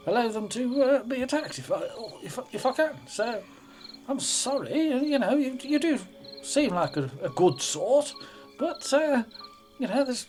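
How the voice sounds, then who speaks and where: A woman's voice: on the high side, darkish tone. A woman role-playing her character in a tabletop game, with plummy, polite talk full of stammered restarts. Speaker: player. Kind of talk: in-character roleplay.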